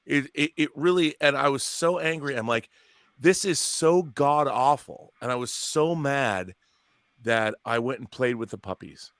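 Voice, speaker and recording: A man's voice: mid-range voice, moderate pace, fairly bright tone, dry recording. Ranting, indignant man, dry close sound. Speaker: co-host. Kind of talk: live watch party chat.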